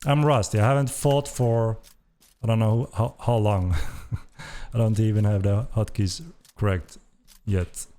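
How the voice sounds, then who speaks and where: A man's voice: fairly low pitch, fairly even intonation, a little slow, dark tone. A man hosting a game developer stream, giving enthusiastic live commentary as he plays and repeating his praise. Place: at a computer playing the game.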